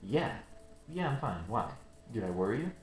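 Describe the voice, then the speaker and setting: A modest young male commander who talks plainly and evenly, as a man voices him. Soft game music plays behind him. The sound is echoey. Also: fairly low pitch, sing-song, normal speed. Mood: calm.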